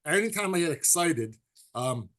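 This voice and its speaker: A man chatting casually on a sports podcast, telling animated stories and dropping into quick impressions. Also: on the high side. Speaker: podcast co-host.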